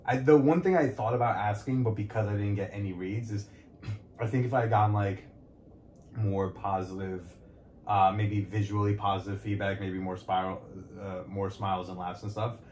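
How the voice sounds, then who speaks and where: A man with a fairly low voice chats frankly as a podcast guest. He rambles and corrects himself often, leaning on fillers. The sound is roomy and echoey, with a faint hiss under it. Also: steady tone, moderate pace, a little mellow. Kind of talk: casual frank conversation. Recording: echoey room, light background noise.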